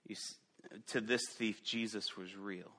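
A man delivers a sermon at a slow, deliberate pace, his voice bright and forceful. He keeps putting direct questions to the congregation, and his level swings between loud, emphatic passages and hushed, low ones. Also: fairly even intonation. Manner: dynamic preaching, rising loud then dropping to quiet; asks the listeners direct questions. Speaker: pastor.

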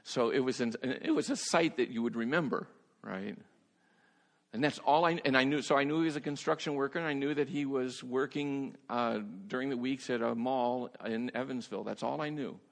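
Pastor preaching in an echoing hall. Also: male voice, medium pitch, fairly quick, creaky. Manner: animated storyteller, laughs often, repeats words when starting sentences. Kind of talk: sermon storytelling. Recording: long hall reverb.

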